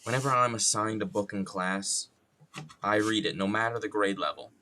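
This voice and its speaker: A man's voice: on the low side, moderate pace, pushed and bright, a little hiss or hum. A young adult man streaming casually while wood carving, joking, rambling and swearing freely at his own expense.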